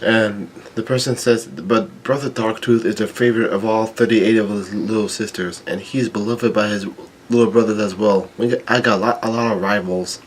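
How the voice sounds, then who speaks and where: A man reading a comic chapter aloud, stumbling, restarting words and filling pauses with ums. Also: fairly low pitch, steady tone, a little hiss or hum. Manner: halting, with frequent restarts and ums. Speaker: manga chapter reader.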